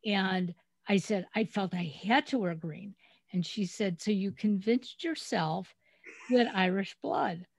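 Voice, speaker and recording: A middle-aged woman hosting a podcast, telling family stories in a chatty, animated way over a remote call. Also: medium pitch, measured pace, vocal fry. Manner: storytelling, chatty, animated retelling. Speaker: podcast host. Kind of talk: casual interview chat.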